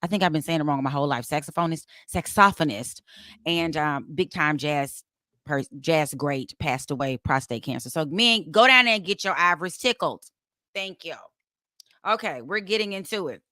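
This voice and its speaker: A woman's voice: sits low, animated, normal speed, pushed and bright, no room sound, clean studio sound. A woman co-hosting a casual talk show, chatty and playful. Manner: chatty, playful, sings snippets. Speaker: co-host reading birthdays. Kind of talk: casual sports talk banter.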